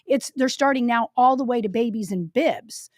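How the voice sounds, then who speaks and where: A woman co-hosting a casual political talk show, speaking emphatically and agreeing quickly. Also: fairly high pitch, a little mellow, dry recording, studio quality. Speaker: co-host.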